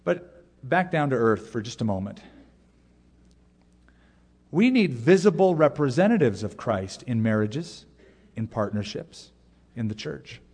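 A middle-aged man preaching a sermon as a pastor, earnest, with pauses and sudden emphatic rises. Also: medium pitch, sing-song, darkish tone, breathy edge. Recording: long reverb of a large hall.

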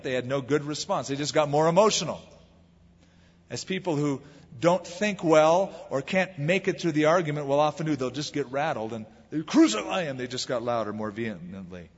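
Preacher, male, breathy and a bit high, dramatic delivery; long hall reverb, muffled lo-fi sound. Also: expressive, a little fast. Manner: dramatic, acts out crowd voices. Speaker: pastor. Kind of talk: sermon.

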